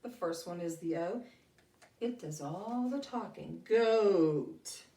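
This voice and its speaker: A woman teacher reading a picture book aloud to a class and explaining vowel sounds, with animated, expressive delivery. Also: fairly low pitch, slow. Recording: roomy sound from a distant mic.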